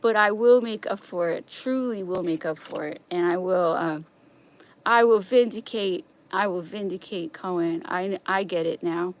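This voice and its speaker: A woman streaming a rambling, agitated monologue, repeating herself, swinging between raised outbursts and quiet, hushed stretches. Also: on the low side, unhurried.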